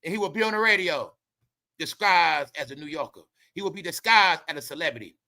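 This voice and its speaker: A man's voice: fairly high pitch, expressive, fairly quick, sharp tone. A man hosting a heated celebrity gossip commentary, swearing and repeating himself as he lectures his viewers. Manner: heated, swearing, repetitive and preachy. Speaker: commentary channel host.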